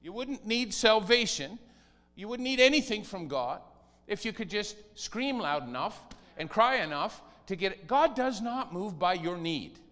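A high, bright-voiced man preaches with lively swings in pitch, acting out whiny pleas along the way. His voice rings through a church hall with a long reverb tail. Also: measured pace. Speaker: pastor. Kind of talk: sermon.

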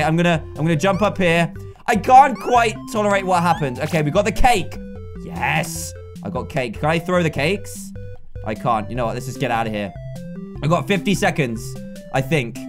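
Excitable British gamer over faint music. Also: male voice, a little high. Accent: British English. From England. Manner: excitable, jokey, talks to the characters. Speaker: gaming YouTuber. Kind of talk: let's play commentary.

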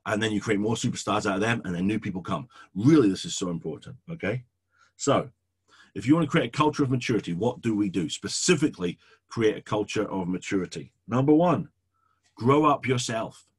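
A man's voice: fairly low pitch, fairly quick, husky. A middle-aged male pastor teaching a sermon to church leaders, emphatic and repetitive in his delivery. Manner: emphatic, repetitive, animated preaching.

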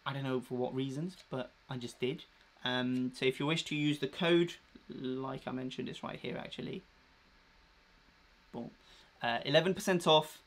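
A man's voice: mid-range voice, steady tone, normal speed, fairly bright tone. A young man chatting casually and rambling with slang while unboxing a new clothing order on a live vlog. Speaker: fashion vlogger.

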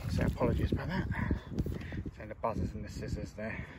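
A man, chatting excitedly to viewers while fishing outdoors by a lake. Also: fairly low pitch, fairly quick. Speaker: fishing vlogger. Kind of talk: casual commentary while fishing. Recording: loud outdoor noise.

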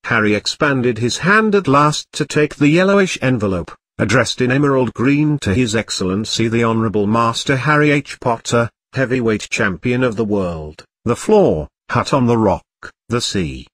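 A man narrating a parody storybook in a deadpan, steady reading. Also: medium pitch, normal speed, hardly any pauses, husky, no room sound.

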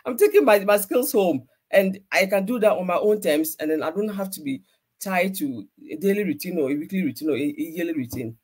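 A woman who works as a social worker, speaking in a casual group chat, reflective and pausing to search for words. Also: fairly low pitch, expressive, darkish tone, husky. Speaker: social worker and business mentee. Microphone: video call.

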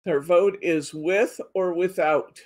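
During a live craft demo, a middle-aged woman chats casually at a slow pace in a lowish, slightly mellow voice. She laughs often and reads out her viewers' comments.

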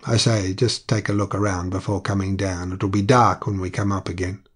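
A man reading the part of a sea captain who speaks quietly and calmly. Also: sits low, normal speed, breathy edge. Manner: quiet and calm.

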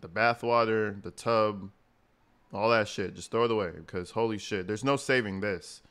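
A man's voice: lowish voice, normal speed, fairly bright tone, clean tone. A man giving blunt, slangy reaction commentary as host, mocking and advising.

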